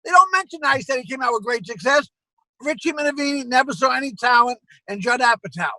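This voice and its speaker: Bright high-voiced man telling stories. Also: quick pace, dry recording, rough recording. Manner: animated storyteller acting out quoted exchanges. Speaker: comedy club owner, guest. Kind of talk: casual anecdote telling.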